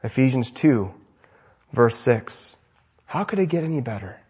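A man preaching a sermon with fervent energy, swinging between loud exclamations and hushed lines. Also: medium pitch, very animated, unhurried, husky.

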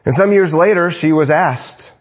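A man with a husky voice preaches an evening sermon at normal speed. He rises to emphatic statements, drops to low, hushed endings, and repeats phrases to stress them.

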